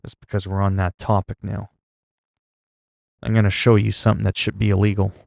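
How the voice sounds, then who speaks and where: A man casually chatting with his stream audience, rambling with many fillers, and getting louder when he reacts in disgust. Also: little pitch movement, fairly quick, vocal fry, no room sound, clean studio sound. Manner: gets loud and higher when reacting in disgust. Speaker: livestreamer.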